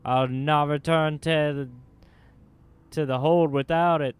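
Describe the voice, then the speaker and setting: A man's voice: fairly high pitch, fairly even intonation, takes it slowly, clear, resonant tone, no room sound. A man voicing a stubborn, grieving dwarf cleric who speaks with bitter earnestness. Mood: resolute.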